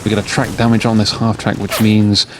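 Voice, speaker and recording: A man with a fairly low, level voice casts a strategy war game at a brisk clip late at night, sounding tired. He keeps rambling, joking, and drifting away from the topic between calls of the action, while game gunfire and vehicles sound in the background.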